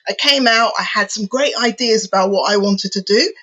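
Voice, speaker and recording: British woman guest, a minister, husky and measured, reflective interview delivery. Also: mid-range voice, a bit bright, dull audio. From England. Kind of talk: interview storytelling.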